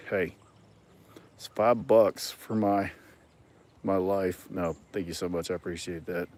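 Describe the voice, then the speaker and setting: A man's voice: low-pitched, steady tone, a little slow, pauses often, a little mellow. A man hosting a casual livestream, reading viewer comments and talking in a rambling way with many ums and some dry sarcasm. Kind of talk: casual chat.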